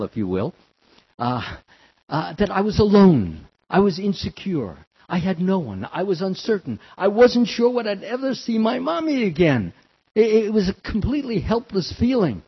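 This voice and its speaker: An older man tells a sermon story with lively, swooping pitch and a slightly husky voice. He acts out children's cries in a high voice. The recording sounds dull and lo-fi. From the Bronx, New York. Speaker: devotional speaker.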